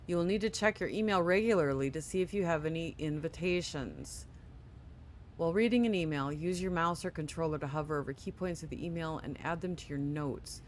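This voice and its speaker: Let's play host, sleepy and yawning, reads tutorial text aloud, quick offhand asides, mid pitch, faint low background hum. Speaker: gaming channel host. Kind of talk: casual let's play commentary.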